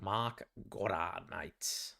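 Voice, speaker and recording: A young Australian man hosting a live fight watch-along, chatty and excitable, swearing freely as he reacts. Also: low-pitched, extremely slow, vocal fry. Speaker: livestream fight companion host.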